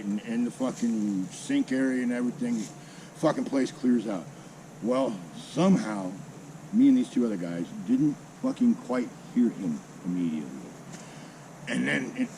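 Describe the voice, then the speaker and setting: A medium-pitched man in his sixties tells a salty personal story, casual and heavily profane, animated with mimicked sounds. The low-quality recording has slight background noise.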